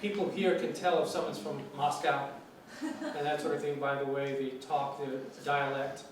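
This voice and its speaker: A man from New York City giving an informal talk as a guest lecturer on English, relaxed and chatty with many fillers and restarts. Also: a little high, normal speed, recorded from a distance. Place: university lecture room. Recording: echoey room, from afar, faint hiss.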